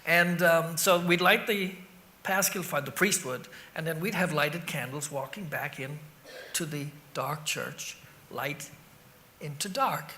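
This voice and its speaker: Bright-voiced Irish man telling stories. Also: fairly high pitch, measured pace, a little hiss or hum. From Ireland. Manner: animated, self-interrupting storyteller who acts out scenes with sound effects. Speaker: guest rock singer. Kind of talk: anecdotal interview storytelling.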